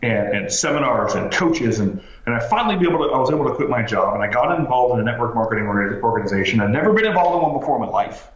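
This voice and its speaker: A man telling his story as a podcast guest, animated, with lots of fillers and restarts. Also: medium pitch, rapid-fire, hardly any pauses. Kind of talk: casual storytelling interview. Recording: roomy, slightly dull sound.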